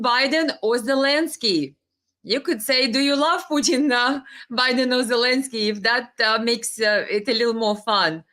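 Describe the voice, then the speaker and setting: A woman with a high-pitched, sharp-toned voice hosts a casual live stream, chatting with viewers and greeting them by name, though she sometimes stumbles over the names.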